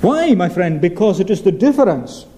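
A man's voice: high voice, sing-song, moderate pace, mellow, low-quality recording. A male preacher giving a sermon, emphatic, asking rhetorical questions and repeating key phrases.

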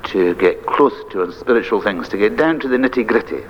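A man's voice: lowish voice, animated, brisk. An older man, a minister preaching an earnest, emphatic sermon. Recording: dull lo-fi archive recording with faint hiss.

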